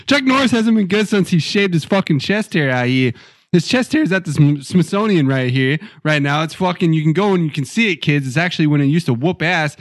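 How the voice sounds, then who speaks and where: A man's voice: on the high side, a little fast, no room sound, studio quality. A young man co-hosting a podcast, riffing in profane bursts and laughing often. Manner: profane, laughing, animated riffs. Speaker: podcast co-host. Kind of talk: crude comedic rant.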